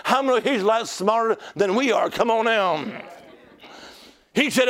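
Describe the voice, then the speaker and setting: Male preacher, high raspy tone, call-and-response sermon style. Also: normal speed, fairly bright tone.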